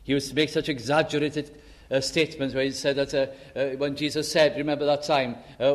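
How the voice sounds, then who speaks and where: An older man preaching a sermon, telling the story with feeling, acting out quoted dialogue and slowing down for emphasis. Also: mid-range voice, little pitch movement.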